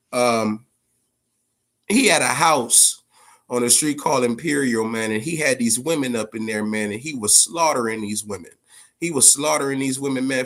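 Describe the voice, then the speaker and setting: A man's voice: mid-range voice, fairly bright tone. A man hosting a casual live-stream chat, swearing freely, repeating himself for emphasis and talking straight to his viewers. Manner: profane and rambling, addresses viewers directly.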